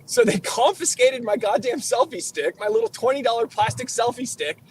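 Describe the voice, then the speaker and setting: A man co-hosting a casual post-game chat, excitable and quick to laugh as he tells his story. His voice sits high for a man. Light background noise runs under it. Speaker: show co-host.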